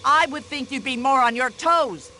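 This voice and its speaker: A brash older American widow. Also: female voice, high voice, normal speed, sharp tone, a little hiss or hum. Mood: indignant. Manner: indignant, nosy, fussy complaining chatter. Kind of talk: video game voice acting.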